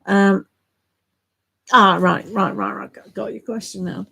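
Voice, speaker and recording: A woman's voice: mid-range voice, steady tone, a little slow, creaky, pushed and bright, breathy edge, low-quality recording. Chatty woman tarot reader live-streaming. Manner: chatty, greets viewers by name, laughs often. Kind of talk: live-stream chat with viewers.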